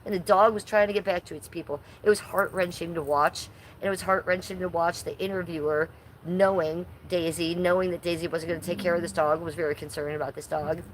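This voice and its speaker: A woman's voice: on the low side, steady tone, fairly quick, slight background noise, low-quality recording. A middle-aged woman live streamer giving blunt, profane commentary and answering her chat.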